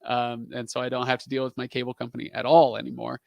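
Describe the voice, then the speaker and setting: A man's voice: mid-range voice, monotone, fast talker, vocal fry, no echo. A man in his thirties hosting a casual live stream, answering viewer questions in a rambling, chatty way with lots of fillers.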